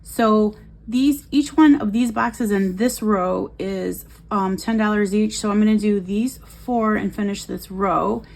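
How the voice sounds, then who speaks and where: A woman's voice: mid-range voice, measured pace, vocal fry. A woman vlogging in a cheerful, chatty way, counting cash aloud as she budgets. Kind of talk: upbeat casual vlog while cash stuffing.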